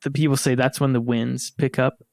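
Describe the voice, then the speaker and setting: American podcast host, casual storyteller, dry close sound. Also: male voice, mid-range voice, normal speed, vocal fry, no echo. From United States. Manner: animated storyteller, laughs and acts out quotes. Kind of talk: casual storytelling among siblings.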